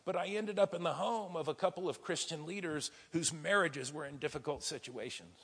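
A man with a slightly high, husky voice preaches a sermon. He tells stories with vivid energy, dropping to a hush and then rising loud again. His voice rings with the long reverb of a large hall. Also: a little fast. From United States. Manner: vivid storytelling, swinging from hushed to loud. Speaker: pastor.

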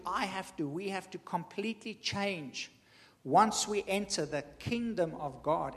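High-voiced man preaching in an echoing hall. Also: gravelly. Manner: emphatic, repetitive teaching cadence. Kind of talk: sermon. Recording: reverberant hall.

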